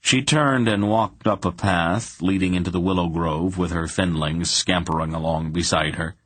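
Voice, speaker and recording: A man reading a fantasy audiobook aloud in slow, even storytelling. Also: deep voice, husky, no echo. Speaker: audiobook narrator. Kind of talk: scripted fantasy narration.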